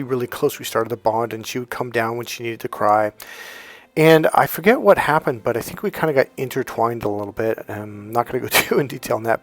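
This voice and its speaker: A man's voice: medium pitch, no echo. A middle-aged man talking as a dating coach in a casual, rambling monologue, retelling old conversations in quotes.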